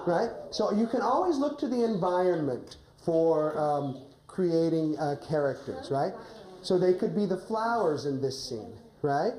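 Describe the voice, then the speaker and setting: Lively woman coach with lots of "right?". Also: deep voice, unhurried. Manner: keeps adding "right?" while instructing. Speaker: drama coach. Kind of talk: coaching a teacher during a lesson. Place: classroom. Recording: echoey room.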